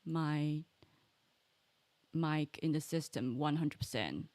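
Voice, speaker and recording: A woman's voice: sits low, slow, a little mellow, dry recording. A woman casually commenting while playing a video game, thinking aloud and trailing off mid-sentence. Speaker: gaming streamer. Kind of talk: casual let's-play commentary.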